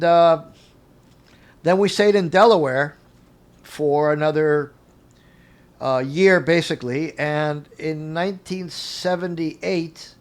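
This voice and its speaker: An older man, a guest on an interview show, telling animated anecdotes from his career and acting out the dialogue with frequent chuckles. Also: a little high. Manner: acts out dialogue in quotes. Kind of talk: casual storytelling interview.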